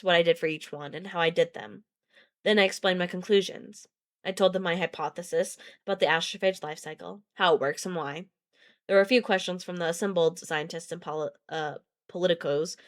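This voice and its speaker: A woman with a slightly low voice reads a novel aloud to her live-stream audience. She keeps her delivery easygoing, breaking off now and then for casual, profane chatter with the viewers. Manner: casual, swears and laughs between read passages. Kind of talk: live-stream book reading with chat asides.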